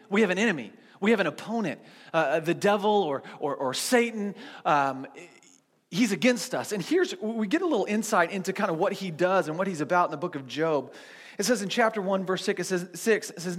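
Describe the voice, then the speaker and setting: In a large hall, a man preaches as pastor to his seated church congregation. His high-sitting voice carries a conversational, animated storytelling style marked by frequent restarts.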